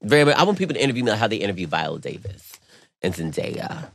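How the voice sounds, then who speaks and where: A man's voice: very animated, rapid-fire, creaky, dry recording, studio quality. Dramatic man with squealing jumps. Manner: dramatic, with sudden high squeals. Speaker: podcast co-host. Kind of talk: casual chat.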